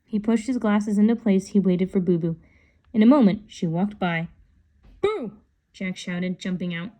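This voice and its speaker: A woman reading a children's book aloud in a calm, unhurried voice. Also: mid-range voice. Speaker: storybook reader.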